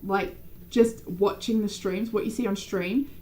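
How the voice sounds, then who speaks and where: A young adult woman streaming a game, chatting casually with viewers by name and rambling through animated stories. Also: medium pitch, measured pace, poor audio. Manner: animated, rambling storytelling with many fillers. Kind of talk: casual live-stream chat.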